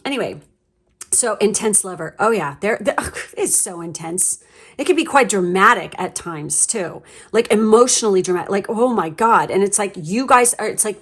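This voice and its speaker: Woman tarot reader, casual and chatty, blunt and foul-mouthed, laughs a lot. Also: mid-range voice. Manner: chatty, frank and profane, laughs often. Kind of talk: casual pick-a-card tarot reading.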